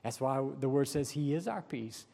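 A man preaching a sermon in a church, stressing key phrases slowly and building to emphatic peaks. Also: medium pitch, lively intonation, vocal fry, dark tone. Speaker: pastor. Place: church sanctuary. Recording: long reverb in a large hall.

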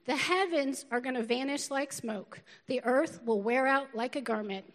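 Woman, middle-aged, pastor, sermon, feisty, laughs often, high-pitched, long hall reverb. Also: normal speed, fairly bright tone. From northern United States.

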